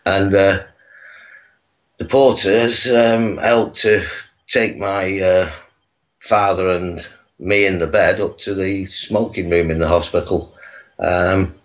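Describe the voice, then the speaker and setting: A man from England, a guest on a video call, telling his life story in a halting way full of pauses. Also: low voice, highs cut off. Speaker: guest, activist.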